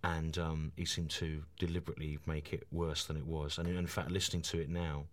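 A man in his forties, a stand-up comedian guesting on a radio chat, talking enthusiastically with halting restarts. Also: very deep voice, level tone.

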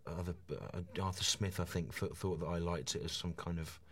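A man in his forties, a stand-up comedian guesting on a radio chat, talking enthusiastically with halting restarts. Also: sits low, fairly even intonation, a little hiss or hum.

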